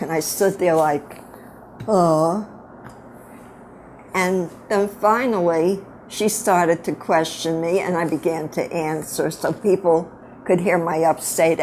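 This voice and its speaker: A woman's voice: fairly low pitch, darkish tone, a little hiss or hum. An older woman in her eighties with a Brooklyn accent, telling her family stories from her girlhood in a frank, reminiscing way. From upstate New York. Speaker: grandmother telling her life story. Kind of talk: casual storytelling to family.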